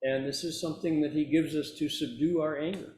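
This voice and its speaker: A man voicing a calm, gentle male Buddhist monk who speaks reassuringly, in an echoey room. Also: a little high, a little fast, lightly acted.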